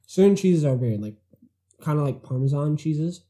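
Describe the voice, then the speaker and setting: A man's voice: a little high, expressive, normal speed, mellow. A man chatting casually on a podcast, rambling with lots of fillers and frequent laughter.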